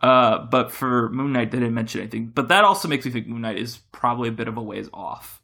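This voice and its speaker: A man hosting a casual podcast chat, rambling and correcting himself as he talks with animated shifts. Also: medium pitch, quick pace, gravelly. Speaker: podcast host.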